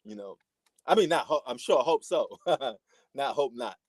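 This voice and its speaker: A man's voice: medium pitch, animated, unhurried, slightly rough, no echo. A man from New York with a New York accent, giving slangy, laid-back live commentary on a boxing match as a stream host. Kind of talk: casual live fight commentary.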